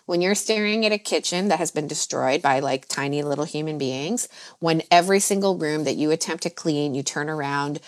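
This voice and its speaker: Here a mindset coach talks conversationally on a podcast at a fairly quick clip, frequently laughing mid-sentence. Quoting herself, she leaps into high, overdone voices; discussing calming down, she softens and lowers her voice.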